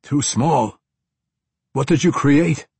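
A male narrator voicing an agitated older man who scolds loudly and in disbelief. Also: mid-range voice, slow, slightly rough, dry recording, pitched above the performer's own voice, exaggerated voice. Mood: incredulous. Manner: loud, incredulous, scolding.

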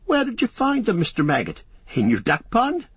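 Male narrator doing a high, eager young hobbit, teasing, storybook character. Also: wildly swooping pitch, normal speed, husky, dry recording, exaggerated voice. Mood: cheerful teasing. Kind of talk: audiobook character voice.

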